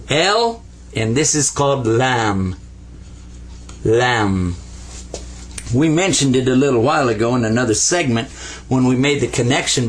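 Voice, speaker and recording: A man's voice: on the high side, slightly rough. A man teaching an Arabic lesson in a folksy, playful way, drawing letters as he explains them and drawing out the sounds he drills. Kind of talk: whiteboard language lesson.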